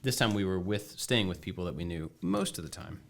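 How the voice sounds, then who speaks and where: A man co-hosting a podcast, talking in a relaxed, casual, halting way. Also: sits low, gravelly, a little hiss or hum. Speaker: podcast co-host. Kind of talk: casual chat.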